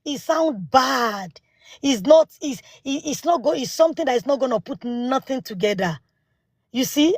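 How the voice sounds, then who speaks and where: Brief: woman, 40s, non-native English accent, husky and slightly high voice, dry close sound, emphatic debater. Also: animated, normal speed, a little mellow, dry recording. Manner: emphatic and argumentative, repeats rhetorical questions. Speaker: live panel speaker. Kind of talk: heated live-stream debate.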